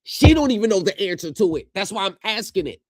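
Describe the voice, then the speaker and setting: A man live-streaming reactions to court footage, talking straight to his viewers and shouting at the screen. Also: high voice, very animated, fast talker, no echo, studio quality. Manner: heated, yells at the screen; addresses viewers directly.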